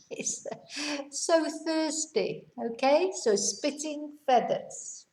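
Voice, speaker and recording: A woman's voice: fairly high pitch, animated, extremely slow, mellow, a little hiss or hum. A woman, patiently teaching a vocabulary lesson and explaining each word with examples. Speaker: English teacher. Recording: roomy echo.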